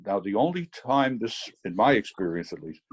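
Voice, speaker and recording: A man's voice: on the low side, very animated, normal speed, slight background noise, rough recording. A man teaching fly fishing over a video call, telling a rambling story full of fillers. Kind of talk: anecdotal teaching demo.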